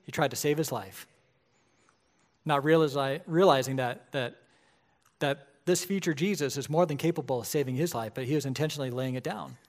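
A man's voice: medium pitch, moderate pace. A man, a pastor, preaching a sermon in a conversational way that grows emphatic at key points.

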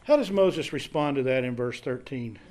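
A man's voice: mid-range voice, animated, moderate pace, darkish tone. A man leading a casual Bible study, reading scripture aloud and then explaining it in a conversational way.

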